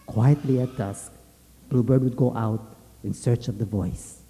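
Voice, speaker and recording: Slow, mellow man telling a story. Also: medium pitch. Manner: gentle, measured storytelling. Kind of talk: storytelling dharma talk. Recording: long hall reverb.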